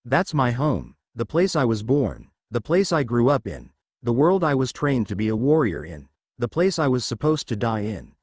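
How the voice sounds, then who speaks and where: A man voicing a brash, cocky young male ninja warrior who talks sarcastic and deadpan, in a read-aloud story. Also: mid-range voice, normal speed, few pauses, no room sound, clean studio sound.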